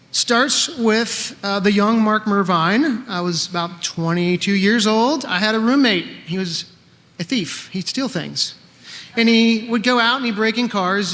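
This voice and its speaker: On stage at a live event in a hall, a man in his fifties tells a true story in a wry, conversational way, acting out bits of dialogue. His high-pitched voice is unhurried with a sharp tone, and the sound is that of a big room.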